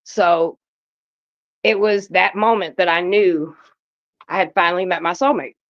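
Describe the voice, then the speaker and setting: A woman's voice: lowish voice, steady tone, unhurried, highs cut off. A woman on a podcast panel, telling stories in a blunt, profane, casual way.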